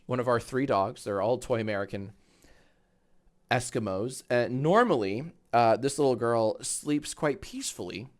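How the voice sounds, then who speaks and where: A man in his thirties hosts a casual live stream, rambling loosely with plenty of fillers and swearing. His voice sits at an ordinary middle pitch. When he talks to his dog, he jumps up into a high, cooing baby voice. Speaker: livestream host.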